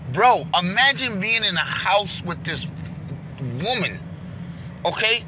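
A man giving loud, profane commentary in a rant that breaks into shouting. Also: high-pitched, noisy background. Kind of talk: ranting commentary.

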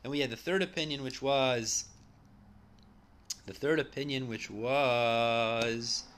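A Talmud teacher with a medium-pitched, fairly bright voice speaks at normal speed. He reads out Aramaic phrases, translates each into plain English, and explains step by step in a conversational manner, fixing small slips along the way.

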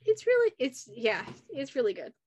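A woman's voice: high-pitched, huge pitch swings, normal speed, darkish tone, breathy edge, highs cut off. A woman co-hosting a casual podcast, enthusiastic and rambling. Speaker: podcast co-host. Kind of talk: casual group chat.

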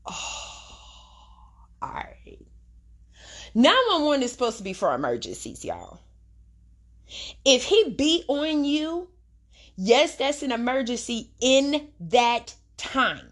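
Woman, young adult, podcast host, slightly high voice, blunt, profane, slangy monologue. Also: sing-song, slow. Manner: profane, blunt, heavy slang, dramatic retelling. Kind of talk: casual commentary monologue.

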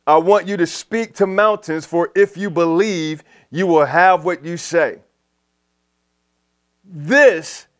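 A man's voice: on the high side, smooth. A man preaching a sermon in a conversational way, acting out talks with the Lord and others. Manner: conversational preaching, acts out dialogue with the Lord, animated. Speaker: pastor.

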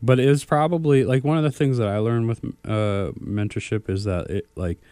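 Male radio co-host, low and mellow, animated and joking, dry booth. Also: normal speed, smooth, dry recording. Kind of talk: casual radio chat.

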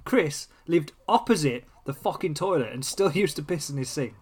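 A man's voice: on the high side, expressive, normal speed, a crowd in the background. Casting: man, blunt crude storyteller on a casual podcast. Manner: blunt, heavy swearing, storytelling. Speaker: podcast co-host.

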